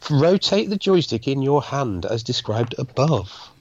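A man's voice: medium pitch, sing-song, measured pace, husky, dry recording. An English man co-hosting a podcast, chatting casually about arcade games and reading out tips in a jokey way. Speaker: podcast co-host. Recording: dull lo-fi dry sound.

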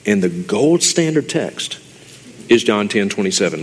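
Emphatic low-voiced man teaching scripture. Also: big pitch swings, a little slow, husky, big-room sound. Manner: emphatic, conversational, addresses listeners as "dear ones". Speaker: Bible teacher. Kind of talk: expository sermon.

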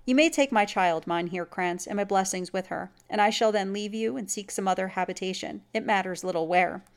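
A woman plays a stern, secretive middle-aged huntsman in a read-aloud story. He speaks in a solemn, commanding way. The voice carries a gravelly rasp. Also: mid-range voice, a little fast, close to an everyday voice. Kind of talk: audiobook story reading.

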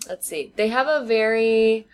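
A woman co-hosting a casual podcast chat, explaining her views at length with thoughtful pauses and fillers. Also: a little high, clean tone. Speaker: podcast co-host. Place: living in China.

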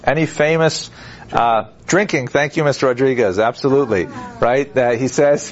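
A man lectures to a class in a loose, rambling way, full of fillers and restarts. He sits at an ordinary middle pitch and now and then acts out quoted figures with wry humor. The recording is dull and lo-fi, as if taped in a classroom. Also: normal speed. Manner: digressive, conversational, with many fillers and restarts. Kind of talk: university lecture.

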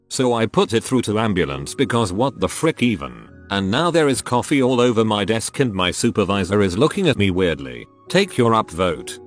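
Male narrator, low voice, lively pitch, steady storytelling read, faint music behind. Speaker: narrator reading online posts. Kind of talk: scripted narration.

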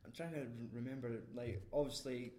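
A man talks over a film in a loose, rambling way, stacking fillers and dropping swear words. His voice sits at an ordinary pitch for a man. The room around him rings with echo. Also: brisk, warm tone. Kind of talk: casual film discussion. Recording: roomy echo.

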